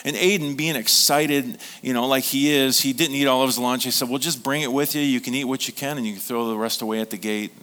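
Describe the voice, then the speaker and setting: A man's voice: mid-range voice, fairly even intonation, quick pace, few pauses, clean tone. A middle-aged man, preaching a sermon as a pastor in an earnest storytelling manner. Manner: earnest storytelling, becomes quiet and emotional.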